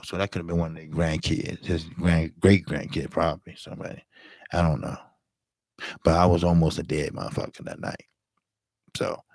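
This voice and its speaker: A middle-aged man with a very low, gravelly voice spins a profane street tale in a loose, animated way. He jumps into a high pitch to play his younger self, then sinks back down. The sound is close and dry. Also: no room sound. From Chicago, south side. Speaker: boxing channel host. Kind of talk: casual storytelling monologue.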